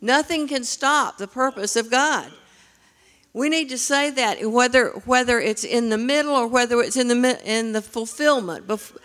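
Lady in her 70s preaching, earnest and steady, quotes scripture. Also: a little high, moderate pace. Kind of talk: sermon.

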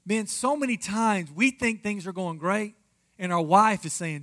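A man's voice: high-pitched, unhurried, a bit bright. A man preaching a marriage sermon as pastor, emphatic and addressing the congregation directly.

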